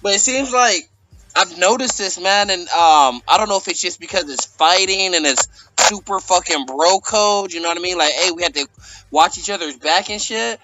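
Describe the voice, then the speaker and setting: A man's voice: sits high, normal speed, background noise. A man hosting a casual, profane chat, telling stories loosely and padding them with fillers. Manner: loose, filler-heavy storytelling. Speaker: host.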